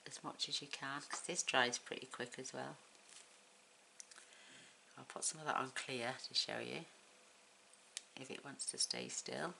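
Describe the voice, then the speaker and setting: A very deep-voiced woman from the UK hosts a relaxed crafting tutorial, chatting and counting pieces aloud as she works. The recording has clear background noise from the home craft room. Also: unhurried, long pauses, rough recording. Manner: chatty, counts items aloud, talks while working. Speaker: craft channel host.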